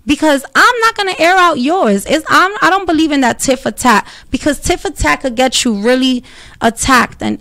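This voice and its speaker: Woman host, fairly high voice, dry close sound, blunt and animated. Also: no room sound. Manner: blunt, profane, animated storytelling with quick asides. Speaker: podcast host. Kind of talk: casual solo chat.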